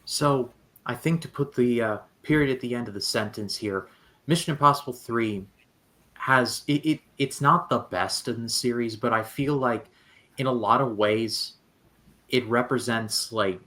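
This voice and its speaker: A man's voice: medium pitch, moderate pace, pushed and bright. A man hosting a casual podcast discussion, making dry, wry asides as he sums up points.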